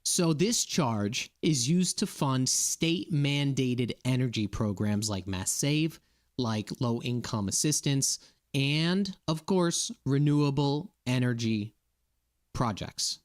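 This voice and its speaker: A man's voice: medium pitch, lively intonation, takes it slowly. A man from Massachusetts giving a casual, indignant rant to his viewers, often checking in with "okay?" and "right?". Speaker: political commentator.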